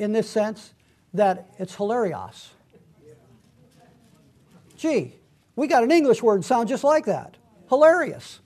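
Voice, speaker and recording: A man's voice: high-pitched, a little mellow. A middle-aged man preaching a sermon as pastor, reading scripture aloud and pressing his points with rising emphasis.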